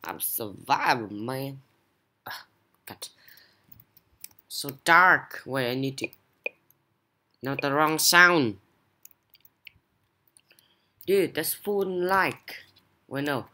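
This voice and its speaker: A woman narrates her gameplay in a very low voice that still carries a bright, forceful edge. She talks slowly and casually, then breaks into excited exclamations as things happen. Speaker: gaming YouTuber.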